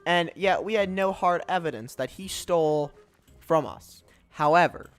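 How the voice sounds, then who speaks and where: A man's voice: fairly high pitch, unhurried, clear, resonant tone, soft background music. A young man casually telling a personal story over gameplay, chatty and sarcastic, often restarting words and acting out what people said. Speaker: storytelling gaming channel host.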